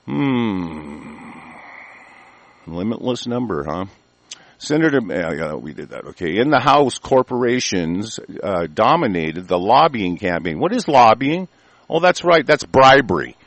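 A man's voice: fairly low pitch, big pitch swings, unhurried, a bit bright, no room sound. Man, profane ranting host, angry, dry close sound. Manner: angry, heavily profane, stumbling restarts. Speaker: talk show host. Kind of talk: profane political rant. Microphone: conference call line.

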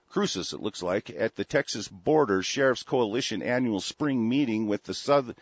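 A man from the United States hosting a broadcast, reading news items and breaking into angry, profane commentary, halting with many fillers and restarts. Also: fairly low pitch, breathy edge, no room sound. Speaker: broadcast host. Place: seated at a desk. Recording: dry, dull lo-fi audio.

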